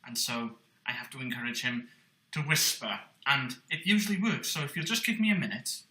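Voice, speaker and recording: A man hosting a children's puppet show who coaxes his puppet and speaks gently to young listeners. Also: medium pitch, brisk. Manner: gentle, coaxing, addresses children. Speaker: host and puppeteer. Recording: roomy echo.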